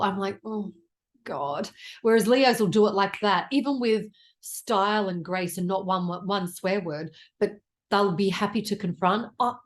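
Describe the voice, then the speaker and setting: Aussie lady in her 40s doing a tarot reading, blunt and sweary, chatty. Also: medium pitch. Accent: Australian. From Australia. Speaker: tarot reader.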